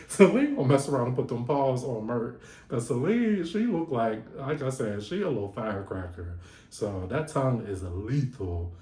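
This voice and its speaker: A man hosting a casual reality TV recap vlog, animated and sassy, laughing and swearing often. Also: medium pitch, normal speed. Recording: echoey room.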